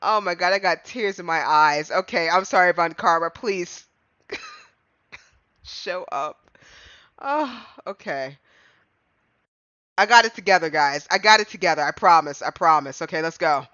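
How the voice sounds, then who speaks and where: A man streaming a game live, giggly and excitable, reading dialogue and laughing often, on muffled stream audio. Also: high-pitched, measured pace, pauses often, smooth, no echo.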